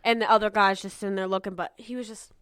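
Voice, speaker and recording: A woman's voice: medium pitch, level tone, fast talker, a bit bright, clean tone, no echo, clean studio sound. A woman co-hosting a podcast, eagerly retelling movie scenes in long run-on strings of "and then". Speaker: podcast co-host. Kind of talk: casual movie review chat.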